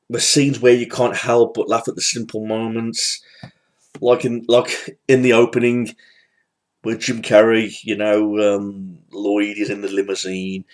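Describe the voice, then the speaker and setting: Rambling low-voiced man reviewing a film. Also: a little mellow. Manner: rambling, loose, with frequent fillers and restarts. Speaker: movie reviewer. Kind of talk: casual spoken review.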